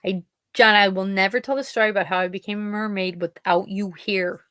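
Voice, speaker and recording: A woman's voice: medium pitch, steady tone, a little fast, fairly bright tone, clear, resonant tone, no echo. A woman from Pennsylvania hosting a podcast, chatting casually with live listeners and telling rambling stories full of quoted dialogue. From Pennsylvania, USA. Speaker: podcast host.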